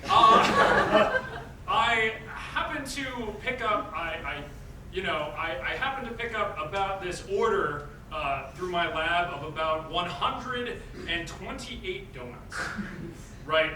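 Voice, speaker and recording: A man's voice: high voice, animated, takes it slowly. A young man performing live improv comedy, telling a short story with playful, laughing asides. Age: young adult. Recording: echoey stage from far off with loud room noise.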